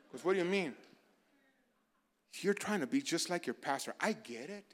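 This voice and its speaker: A man preaches a sermon with a lively, swooping delivery. His voice sits a touch high, and he swings from hushed asides to loud, urgent calls. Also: moderate pace, pauses often. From barrio in the United States. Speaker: pastor.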